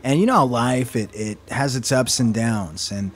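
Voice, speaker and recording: A man's voice: medium pitch, normal speed. A man hosting an online talk radio show, chatting and telling a personal story in a conversational way.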